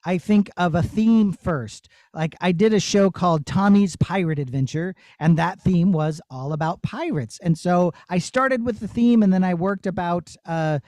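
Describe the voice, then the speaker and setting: A man who works as a puppeteer, answering children's questions in a playful, animated way on a video call. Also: sits high, normal speed, hardly any pauses, no echo. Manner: animated, storytelling tone with silly asides.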